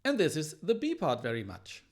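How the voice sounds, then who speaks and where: A man teaching classical guitar, analysing a piece in a thoughtful, explanatory way and pausing now and then to search for words. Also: fairly high pitch, wildly swooping pitch. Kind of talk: music analysis lesson. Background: guitar playing.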